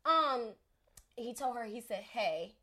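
Woman on a podcast telling a story, voice jumps all over, kinda high. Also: a little fast. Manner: animated, acts out voices in her story. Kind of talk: casual storytelling chat.

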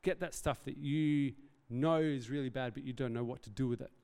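Earnest male pastor, mellow tone. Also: mid-range voice, steady tone, brisk. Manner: earnest, conversational, self-deprecating asides. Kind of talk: sermon. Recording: reverberant hall.

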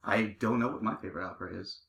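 A man playing an eager, awkward talk show host who is blunt and quick to apologize. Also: fairly low pitch, gravelly, fairly bright tone, reverberant. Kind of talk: improvised comedy sketch.

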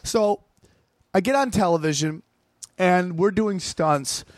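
A comedian guest on a podcast, telling rapid, profane stories and acting out quotes in casual chat. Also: male voice, high voice, dry recording, studio quality. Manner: rapid, profane, animated storytelling with acted-out quotes.

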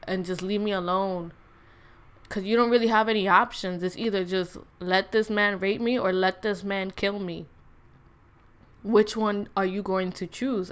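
Slangy woman telling a story. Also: medium pitch. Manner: slangy, blunt, many fillers and restarts. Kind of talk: casual storytime monologue.

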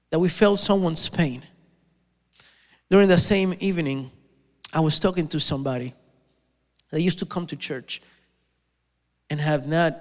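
A man preaching a sermon, telling a story with many halting restarts and repeated words. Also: a little high, long reverb tail.

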